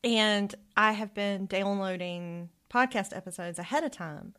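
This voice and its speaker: A woman's voice: mid-range voice, measured pace, fairly bright tone, clean tone. Chatty woman podcast co-host. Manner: chatty, laughs often, reflective. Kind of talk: casual chat.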